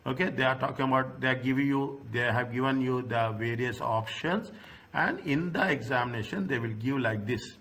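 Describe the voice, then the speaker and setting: A man's voice: mid-range voice, a bit bright, a little hiss or hum. A middle-aged man teaching an accounting lecture, repeating himself and checking in with frequent "okay?" asides. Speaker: accounting tutor. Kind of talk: recorded lecture.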